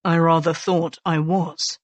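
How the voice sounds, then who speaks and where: A hard, guarded rogue of a man, as a woman narrator lowers her voice for him in a storybook reading. He answers short and dry, slow and unbothered. The recording is close with no room sound. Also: little pitch movement, no room sound. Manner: low, clipped, mild and dry.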